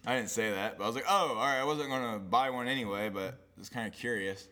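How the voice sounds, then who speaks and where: A man's voice: on the low side, fast talker, few pauses, pushed and bright, a little hiss or hum. A young man telling a story in a casual chat, laughing often and swearing freely.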